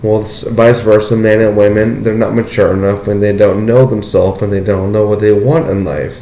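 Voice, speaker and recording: Young guy on a podcast, chatty storyteller, says like and dude a lot, voice shoots up when hes excited, roomy echo. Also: moderate pace. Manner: animated storytelling, leaps up in pitch when excited, peppered with "like" and "dude". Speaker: podcast host. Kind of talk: casual podcast chat.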